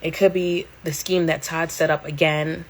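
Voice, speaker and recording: A woman's voice: low-pitched, level tone, moderate pace, a little hiss or hum. A middle-aged woman hosting a casual livestream from home, talking candidly in a slangy way and laughing often. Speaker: livestream host.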